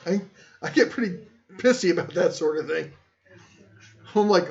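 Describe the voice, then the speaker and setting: High-voiced joking man hosting a stream. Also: lively intonation, moderate pace, gravelly. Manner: rambling, joking, self-deprecating. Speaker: tool channel host. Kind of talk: casual live-stream chat. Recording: muffled lo-fi stream audio.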